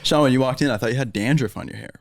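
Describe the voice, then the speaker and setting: A man's voice: medium pitch, racing, gravelly. A man co-hosting a podcast in a studio, chatting casually in a dry, teasing manner. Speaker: podcast co-host.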